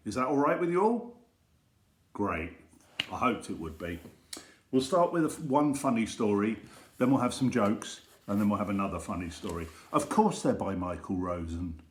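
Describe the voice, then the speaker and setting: A man leading a school assembly, telling funny stories and reading jokes to children in a gentle, teasing way. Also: lowish voice, echoey room.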